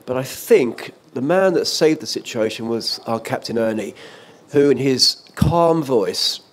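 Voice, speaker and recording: An older man, a former offshore radio presenter, recounting a stormy night at sea in animated anecdotal style, with laughs and restarts. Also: medium pitch, unhurried. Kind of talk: storytelling in a panel talk. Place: event stage or hall.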